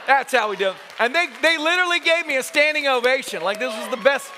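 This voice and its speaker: High, bright-voiced animated male pastor. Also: a little fast, hardly any pauses, a little hiss or hum. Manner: animated, joking, acts out quotes. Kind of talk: sermon with storytelling. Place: church sanctuary.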